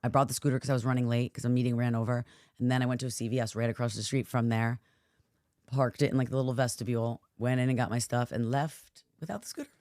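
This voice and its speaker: A woman talks fast on a podcast, rattling through a story. She jumps into the voices of everyone she quotes. The sound is dry and close. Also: extremely low pitch, dry recording. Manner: animated storyteller acting out quoted people. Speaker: podcast co-host. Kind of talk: casual chat. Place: studio.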